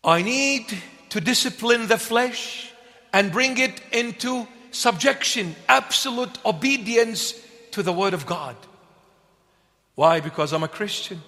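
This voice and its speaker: A male preacher delivers an emphatic sermon in a fairly high voice. He speaks slowly, hammering points home with repeated questions he answers himself. His voice rings out with a long reverb, as in a large church hall. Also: expressive, pushed and bright. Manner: emphatic, repetitive call-and-response preaching.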